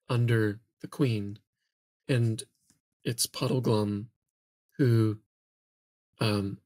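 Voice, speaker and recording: A man co-hosting a podcast, thoughtfully reading passages aloud from a book and pausing to comment on them. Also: mid-range voice, dry recording. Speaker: podcast co-host.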